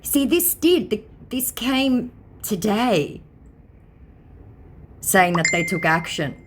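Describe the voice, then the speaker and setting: A woman's voice: medium pitch, big pitch swings, slow pace, background noise. A woman scam baiter reading chat messages aloud with sarcastic, teasing commentary.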